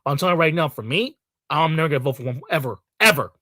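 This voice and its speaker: A man's voice: fairly high pitch, racing, a bit bright, dry recording, studio quality. A man from Latin America delivering a heated, profane rant to camera as a video commentator, repeating himself and swearing often.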